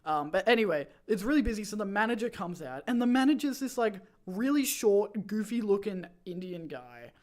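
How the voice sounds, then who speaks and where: A streamer host in his twenties chats casually, rambling through a story full of fillers and restarts. His voice is high and a little mellow, with big pitch swings, a slightly fast pace, and few pauses.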